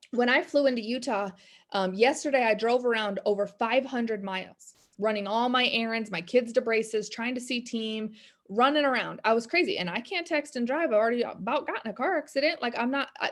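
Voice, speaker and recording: A woman's voice: a little high, normal speed, a bit bright. Candid rambling woman on a video call. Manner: candid, rambling, faith-filled. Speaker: business coach and mentor. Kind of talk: casual motivational talk.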